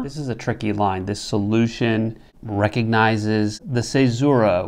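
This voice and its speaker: A man lectures on verse meter in a low, gravelly voice. He speaks very slowly and deliberately, pausing on each syllable as he scans a line. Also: a little mellow, dry recording. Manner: slow, deliberate, sounds out single syllables. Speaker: literature teacher. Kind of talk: slow scripted lecture on poetic meter.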